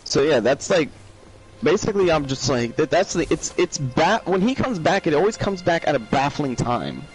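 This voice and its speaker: A man with a New York accent talks in a casual podcast chat, his fairly high voice swinging up and down with lively intonation. He rambles, stopping and restarting his sentences. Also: normal speed, soft background music, rough recording. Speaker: live streamer.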